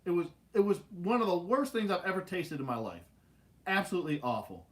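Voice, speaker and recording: Animated young man telling a story. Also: high voice, a little fast. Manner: animated, laughing often, acting out family quotes. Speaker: host. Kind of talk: casual storytelling.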